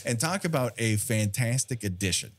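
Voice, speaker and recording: A man's voice: medium pitch, lively intonation, normal speed. A man co-hosting a podcast in casual film chat, joking and laughing often. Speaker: podcast co-host.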